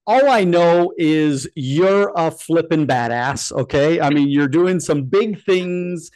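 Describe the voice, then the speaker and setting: A man's voice: fairly high pitch, slow, darkish tone, dry recording. A man hosting an interview, hyped up and casual with slangy praise. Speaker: podcast host.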